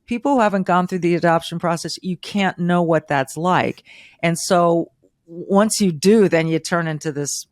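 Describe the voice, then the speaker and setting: A woman's voice: on the low side, normal speed, no room sound, clean studio sound. A middle-aged woman hosting a podcast interview, emotional and rambling, with many restarts. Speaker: podcast host.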